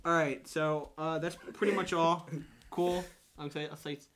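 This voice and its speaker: A man's voice: on the high side, fairly even intonation, moderate pace, a bit bright, a little hiss or hum. A young man co-hosting a casual podcast, rambling through news and laughing with friends. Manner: laughing, rambling, breaks into silly voices. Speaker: podcast co-host. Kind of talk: casual banter among friends.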